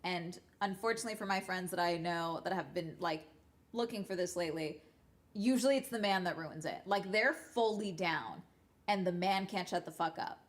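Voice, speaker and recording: A young woman talks to her stream in casual chat. She is blunt and swears freely. She tells her stories in an animated way, stopping often to check in with her listeners. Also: on the low side, normal speed. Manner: blunt and profane, animated storytelling.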